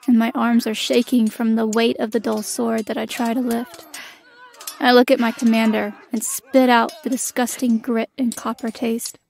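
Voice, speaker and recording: A woman's voice: on the high side, gravelly, darkish tone. A young woman narrating in the first person as a bitter, magicless female elf soldier in an audio drama, her inner monologue defiant.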